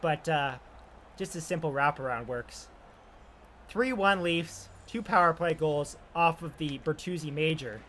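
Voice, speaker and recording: A young man calls hockey action from his own video game, with a bright, slightly high voice that rises sharply when a shot goes in. Between plays he drops into relaxed, chatty asides. A faint hiss of noise sits behind him. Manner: excited and loud on shots and scoring chances, calmer asides between plays. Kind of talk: play-by-play commentary.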